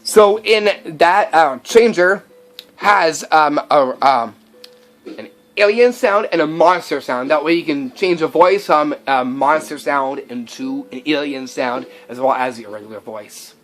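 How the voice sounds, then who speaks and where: A man hosting a magic and prank video walks through a prank tutorial as a how-to demonstration, showing off his props with enthusiasm and plenty of fillers. His voice sits fairly high and a bit bright, his pace is measured, and faint music plays behind him.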